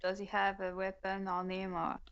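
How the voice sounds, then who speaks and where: A woman's voice: mid-range voice, completely flat delivery, moderate pace, a bit bright, clear, resonant tone. A woman playing in a tabletop game, working through her character's moves in a hesitant, thoughtful way. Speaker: player. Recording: dull lo-fi audio.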